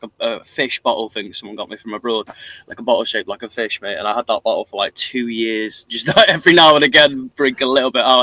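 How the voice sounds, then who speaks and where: A man's voice: medium pitch, sharp tone. A young man hosting a stream, chatting casually, rambling and swearing constantly, laughing often. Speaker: stream host. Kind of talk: casual chat.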